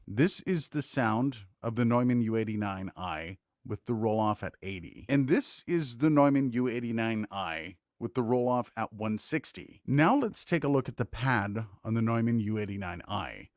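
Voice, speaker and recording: A male microphone reviewer hosts a laid-back tech demo, addressing a studio condenser mic directly and cracking lively jokes on the side. He talks at a moderate pace in a mid-range voice, and the recording has no room sound.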